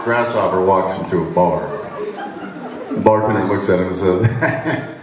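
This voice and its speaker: A man's voice: deep voice, a little slow, long pauses, recorded from a distance. A man telling a short joke at a convention, chuckling through it. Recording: echoey hall, crowd.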